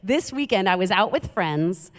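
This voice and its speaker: A woman's voice: medium pitch, animated, normal speed. A woman from Queens, preaching a humorous sermon as a guest speaker with chatty, self-deprecating storytelling. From Queens, New York. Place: church sanctuary. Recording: long hall reverb.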